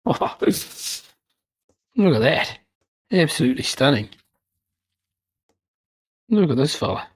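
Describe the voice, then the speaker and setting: Speaking at an ordinary middle pitch in a slightly breathy, husky voice, a man chats happily about his newest hobby miniatures for his wargaming channel. He rambles, jokes at his own expense and stays enthusiastic, and the close recording has no room echo.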